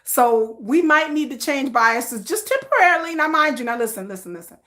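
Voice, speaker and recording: Woman vlogger with a bright, animated voice, joking banter with viewers. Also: high voice, moderate pace. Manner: playful, joking, laughs often. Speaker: K-pop news vlogger. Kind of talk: casual chat to camera.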